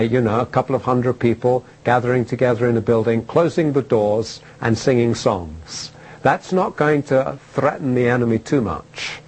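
A man preaching a sermon in an emphatic way, pausing between phrases, repeating key words and asking rhetorical questions of his listeners. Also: medium pitch, breathy edge, poor audio.

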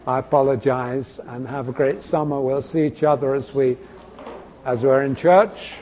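A man's voice: mid-range voice, steady tone, moderate pace, warm tone, a little hiss or hum. A man preaching a sermon in a church. He talks emphatically, fires off rhetorical questions, and keeps saying "you see". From Britain. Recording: echoey hall, long reverb.

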